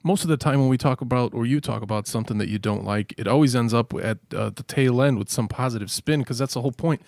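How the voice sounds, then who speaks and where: Fast-talking upbeat co-host man. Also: mid-range voice, creaky, a little mellow, dry recording, clean studio sound. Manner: quick, upbeat, self-deprecating. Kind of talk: casual podcast chat.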